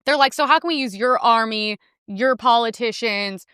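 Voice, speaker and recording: A woman hosting a podcast, ranting in heated, fast commentary and clipping her swear words short, with a sore throat. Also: on the high side, pushed and bright, clean tone, dry recording, clean studio sound. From United States. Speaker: podcast host.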